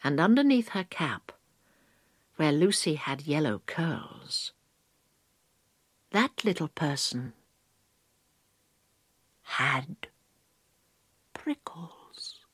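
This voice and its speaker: A woman reads a children's storybook aloud, soft and hushed, slipping into half-whispers. Her voice sits low and breathy but rises and falls with great liveliness, at an unhurried pace, recorded dry and close. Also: expressive, no room sound.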